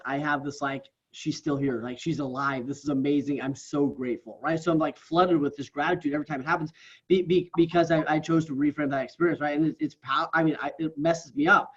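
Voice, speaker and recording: Fairly high-pitched and fast, with fairly even intonation, this man is heard on a muffled recording. He's a guest on a podcast, talking earnestly in a casual interview and regularly tagging his statements with "right?"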